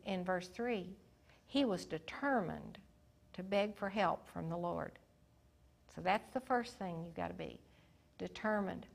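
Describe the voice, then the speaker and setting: A woman's voice: mid-range voice, gravelly. A woman teaching the Bible in an earnest sermon, often putting questions to her listeners.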